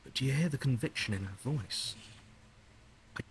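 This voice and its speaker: An actor voicing a calm male narrator in a video game, speaking in measured second-person narration. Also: medium pitch, a little hiss or hum, close to an everyday voice.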